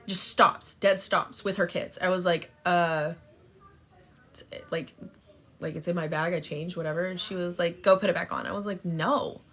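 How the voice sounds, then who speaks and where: A woman's voice: fairly low pitch, fairly even intonation, normal speed, a bit bright. A young woman telling a story and chatting on a phone livestream, brash and profane, thanking viewers for gifts. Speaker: TikTok live streamer.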